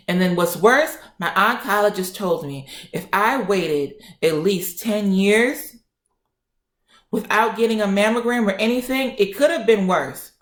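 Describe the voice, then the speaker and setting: A young woman tells a story to her camera with plenty of sass, slipping into the voices of the people she describes. Her pitch sits in the middle of the range for a woman. The room around her has a noticeable echo. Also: measured pace. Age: young adult. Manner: sassy, acts out quoted voices. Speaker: vlogger telling a story. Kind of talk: animated storytime.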